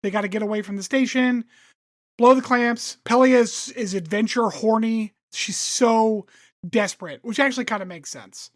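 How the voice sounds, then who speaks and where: A woman co-host recaps the story in casual chat, full of ums and likes, slipping into quick impressions of the characters. Her voice sits a bit high. The sound is close and dry. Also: dry recording. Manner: chatty recap with lots of um and like, acts out characters' lines. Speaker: podcast co-host summarizing the episode.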